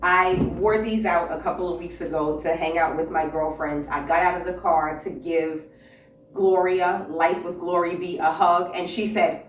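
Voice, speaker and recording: A woman's voice: lowish voice, fairly even intonation, moderate pace. A woman hosting a casual fashion haul vlog, talking enthusiastically to camera with a few fillers and repeats, in an indoor room with a clothing rack. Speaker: fashion vlogger, channel host. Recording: roomy echo, distant mic, faint hiss.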